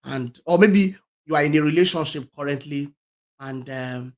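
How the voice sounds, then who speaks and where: A man's voice: a little high, moderate pace. A man hosting a talk show, giving an emphatic motivational talk that repeats its key phrases and restarts often. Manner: swings between loud stresses and quiet trailing words.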